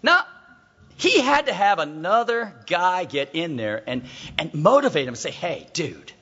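A man preaching with a high, bright voice that leaps up and down as he acts out his stories. He keeps calling out to his listeners. The recording is dull, with a long echo from a large hall. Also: moderate pace. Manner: animated storytelling preacher, acts out voices, calls out to the crowd. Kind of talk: sermon.

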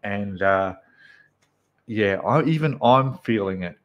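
A man's voice: on the low side, animated, takes it slowly, muffled recording. A man with an Australian accent hosting a casual live stream from his apartment, greeting viewers by name and chatting with plenty of fillers. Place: apartment room indoors.

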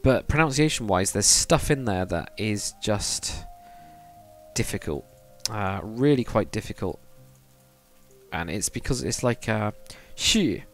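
Gravelly young Englishman streaming, rambling. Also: fairly low pitch, animated, measured pace, soft background music. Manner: rambling, chatty, reads viewer comments aloud. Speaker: live streamer. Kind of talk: casual chat while building in a game.

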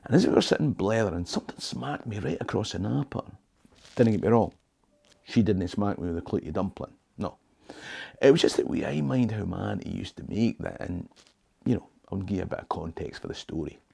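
Scottish man in his 60s, history guide, wry jokey storyteller, husky voice, small home office. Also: on the low side, expressive, fairly quick, dark tone. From Scotland. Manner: wry, joking storyteller sprinkling in Scots words. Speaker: history tour guide and channel host. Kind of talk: talking-head history video.

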